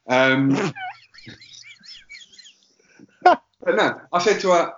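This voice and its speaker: A man's voice: mid-range voice, expressive, moderate pace. Man, podcast co-host, rambling self-deprecating storyteller, roomy dull recording. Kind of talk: casual storytelling chat.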